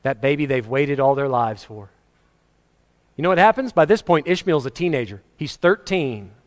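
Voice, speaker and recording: A man's voice: mid-range voice, animated, normal speed. A man preaching a sermon to his congregation in a conversational way, chuckling and acting out quotes. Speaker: pastor. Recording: long hall reverb.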